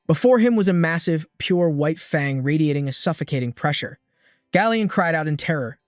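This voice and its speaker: A man reading a story recap as scripted narration, in a steady, even storytelling manner. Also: a little high, a little fast, no room sound, studio quality, soft background music.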